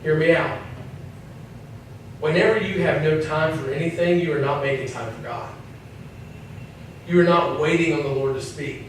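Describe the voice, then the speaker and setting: In a very echoey church hall, a man with a slightly high voice gives a relaxed, joking sermon to young people, slipping into small acted-out voices. He's chatty, speaking at normal speed with long pauses. The mic sits back from him, with a faint hiss underneath.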